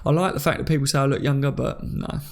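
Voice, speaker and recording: A man's voice: medium pitch, steady tone, quick pace, vocal fry. A young man hosting a casual live stream, reading viewer comments aloud and laughing often.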